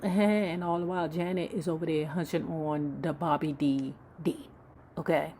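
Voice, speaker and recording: Brief: low-pitched woman, sassy gossip host, profane asides, faint noise behind. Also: steady tone, moderate pace, dark tone. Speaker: YouTube book club host. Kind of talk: casual gossip storytelling.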